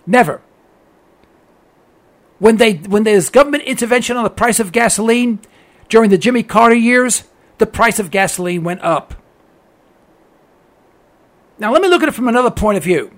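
A man's voice: high-pitched, normal speed, long pauses. A man delivering an opinionated monologue as a commentator, emphatic and sarcastic, hammering his points home by repeating them. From United States. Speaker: political commentator. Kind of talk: opinionated radio-style monologue.

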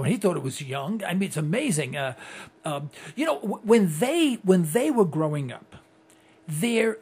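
Older radio host, husky mid-pitched voice, joking and emphatic. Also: a little mellow. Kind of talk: casual radio chat.

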